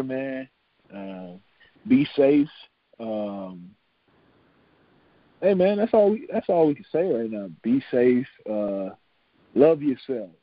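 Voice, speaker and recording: A man's voice: medium pitch, no room sound, muffled recording. A man hosting a podcast, chatting casually, often repeating words and laughing as he signs off. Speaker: podcast host. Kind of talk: casual podcast sign-off chat.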